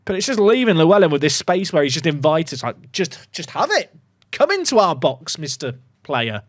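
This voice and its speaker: A man commentating his own football management game for viewers, muttering asides and bursting into excited shouts. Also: a little high, moderate pace, no echo, clean studio sound. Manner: swings between mumbled asides and excited shouts. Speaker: video game streamer.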